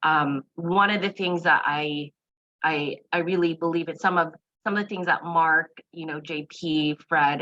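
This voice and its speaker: A woman's voice: low-pitched, bright, forceful tone, highs cut off. A woman speaking as a candidate in an online meeting, upbeat and reflective, with many fillers. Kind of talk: virtual meeting speech.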